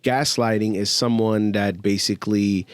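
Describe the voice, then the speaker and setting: A man's voice: on the low side, steady tone, normal speed, no echo. A man co-hosting a podcast in loose casual chat, swearing now and then and acting out what people say. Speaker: podcast co-host.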